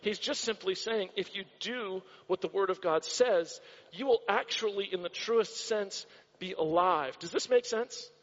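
A man's voice: sits high, a little slow, fairly bright tone. A man preaching a sermon with impassioned repetition, recorded in a church hall. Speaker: pastor. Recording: dull sound with long hall reverb.

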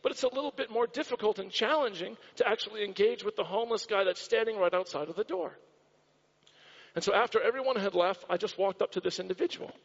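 A man's voice: high voice, fast talker. A man preaching a sermon with impassioned repetition, recorded in a church hall. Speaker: pastor. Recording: dull sound with long hall reverb.

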